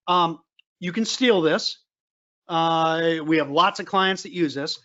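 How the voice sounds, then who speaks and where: A man's voice: high-pitched, measured pace, sharp tone, highs cut off. A man giving a business training talk on government contracting, emphatic and repetitive, with frequent fillers and restarts. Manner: emphatic, repeats key points, frequent fillers.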